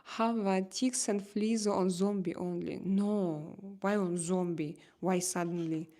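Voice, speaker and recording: A Russian woman with a Russian accent hosting a casual livestream chat, reading comments and pausing often to search for English words. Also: lowish voice, steady tone, warm tone. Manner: halting, searching for English words, many fillers. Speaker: livestream host.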